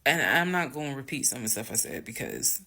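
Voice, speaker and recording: Animated gravelly woman telling a story. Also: very deep voice, fast talker. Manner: dramatic, animated storytelling with acted quotes. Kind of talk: storytime vlog.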